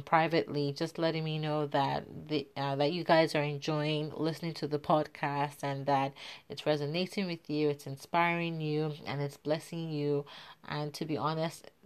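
A woman's voice: deep voice, smooth. A woman hosting her podcast about motherhood, chatting casually with lots of fillers and a smile in her voice. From Africa. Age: adult mother. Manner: chatty, warm asides with fillers; smiling while talking. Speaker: podcast host.

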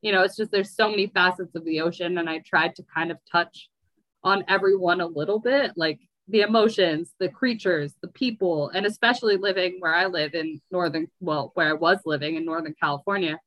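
A woman's voice: fairly low pitch, a little fast, a bit bright, dry recording, poor audio. A woman from the United States in a casual interview, talking in a rambling, chatty way with lots of "like". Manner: chatty, rambling, heavy use of "like". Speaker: guest.

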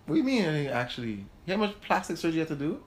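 A man telling a heated personal story in casual chat, animated, laughing and swearing as he goes. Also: fairly high pitch, rapid-fire. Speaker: host.

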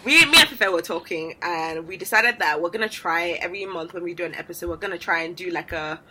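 A chatty British woman whose accent carries Nigerian tones, co-hosting a casual podcast. Her voice is bright and her tone teasing. A faint hum sits behind her. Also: lowish voice, quick pace. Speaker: podcast co-host. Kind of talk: casual chat.

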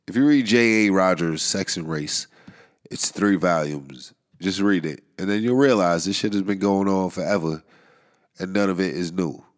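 A man's voice: sits low, moderate pace. A man hosting a podcast in a casual monologue, nasal and stuffy from a cold, rambling wryly and chuckling between thoughts. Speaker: podcast host. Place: New York area.

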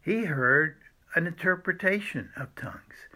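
A man telling a personal church testimony in a halting way, with frequent restarts and throat-clearing. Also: a little high, animated, sharp tone. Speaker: former seminary student telling a church story.

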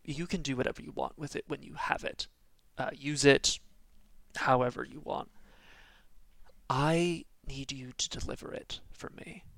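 A man voicing a secretive, jittery male contact who speaks in a hushed, halting, hurried way. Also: medium pitch, gravelly, no room sound.

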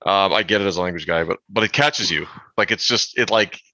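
Man, low gravelly voice, bright edge, rambling podcast chat, dull lo-fi sound. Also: fairly quick, no echo. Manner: rambling, self-described language nerd, animated asides. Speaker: podcast co-host. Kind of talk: casual chat.

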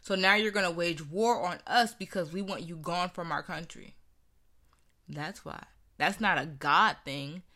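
A young woman with a bright, forceful voice tells a personal story in a candid, conversational way. She talks with earnest conviction and acts out the voices of people she quotes. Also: fairly low pitch, measured pace.

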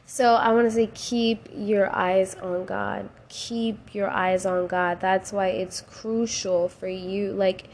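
A woman's voice: mid-range voice, fairly even intonation, slow pace, hardly any pauses, a little mellow. Female podcast host, casual faith talk, tearful and heartfelt, faint room noise. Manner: emotional, rising to cries and laughs, casual slang.

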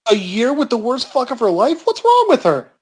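A man's voice: very high voice, wildly swooping pitch, brisk, darkish tone, husky. A man on a comedy podcast, teasing his co-hosts and questioning the story, laughing easily. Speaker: podcast co-host. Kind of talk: casual comedic banter.

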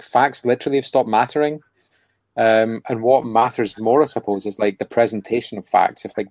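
Man, lowish voice, casual podcast chat, rambling with lots of fillers, sardonic, dry close sound. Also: darkish tone, dry recording. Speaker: podcast co-host.

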